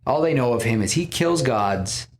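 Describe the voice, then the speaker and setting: A man's voice: mid-range voice, expressive, normal speed, slight background noise. A man hosting a podcast, casually retelling a film scene by scene with lots of restarts and quoted lines. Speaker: podcast host pitching a film.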